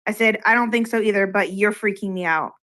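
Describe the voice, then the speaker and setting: A woman's voice: medium pitch, brisk, fairly bright tone. A woman from Massachusetts, a regular on the show, casually retelling an argument from an online game, quoting back and forth and swearing. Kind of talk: casual chat, storytelling.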